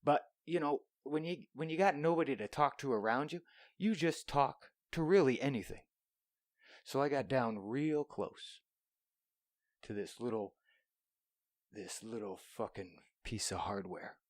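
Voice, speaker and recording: A man's voice: medium pitch, animated, a little slow, dry recording. Young male podcast host, solo, profane storyteller who slips into whispers, dry small-room sound. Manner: profane, rambling, drops into whispers.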